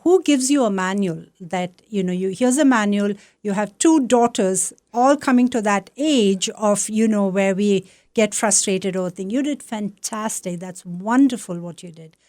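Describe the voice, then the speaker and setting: A woman's voice: medium pitch, measured pace, hardly any pauses, a little mellow, no echo. A woman from South India, a Buddhist nun and interview guest, speaking encouragingly about meditation. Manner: affirming, encouraging, teacherly. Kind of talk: conversational interview.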